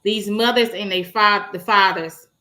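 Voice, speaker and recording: A woman's voice: mid-range voice, fairly even intonation, measured pace, bright, forceful tone, slight background noise. A woman co-hosting a casual chat, blunt and outspoken. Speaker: podcast co-host.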